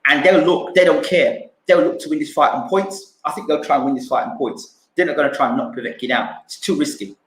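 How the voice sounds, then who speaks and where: A man's voice: fairly high pitch, steady tone, brisk, hardly any pauses, reverberant, low-quality recording. A man giving casual boxing fight analysis, repeating himself and acting out punches with sound words. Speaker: boxing pundit streamer.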